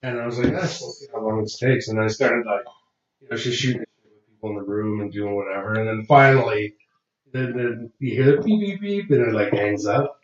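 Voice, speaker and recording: A man's voice: fairly low pitch, fairly quick. A man co-hosting a casual podcast, telling prank-call stories, acting out the voices and swearing freely. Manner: animated storyteller, acts out prank calls, swears freely. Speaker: podcast co-host. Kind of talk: casual storytelling chat. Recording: roomy, distant, dull lo-fi sound.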